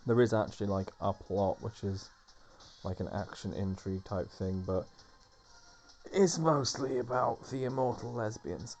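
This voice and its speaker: A man's voice: on the low side, a little slow, a little mellow, faint music behind. A man rambling casually over gameplay as a let's play host, with lots of fillers and restarts. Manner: rambling, filler-heavy chatter.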